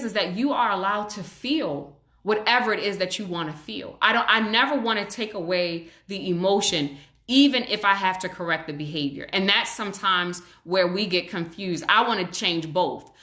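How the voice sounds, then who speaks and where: On a parenting live stream, a child psychologist talks viewers through their comments, her medium-pitched voice moving at a normal pace with a roomy sound. She is warm and reassuring, acting out both parent and child voices, picked up by a webcam or phone.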